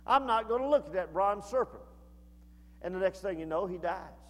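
A man preaching a sermon as pastor, in a folksy way that builds to shouted fervor. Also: sits high, animated, moderate pace. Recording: long hall reverb.

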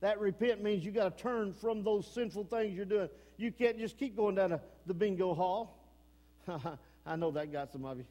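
A man with an East Texas accent delivers an impassioned sermon from the pulpit. His voice sits strikingly high and carries a long reverb from the church hall. He swings from shouted warnings to quiet, earnest pleading. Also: moderate pace. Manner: impassioned preaching, swings between shouting and low earnest talk. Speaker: pastor. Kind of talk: fiery sermon. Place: church sanctuary.

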